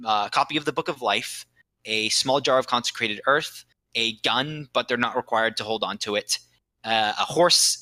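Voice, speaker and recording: A man walks his players through a tabletop game's rules in a relaxed podcast chat. His voice is very bright and sits close and dry on the mic, and he pads his explanations with lots of "um"s before punching a point. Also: medium pitch, no room sound, poor audio. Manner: explanatory, many fillers, bursts of emphasis. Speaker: game master explaining rules.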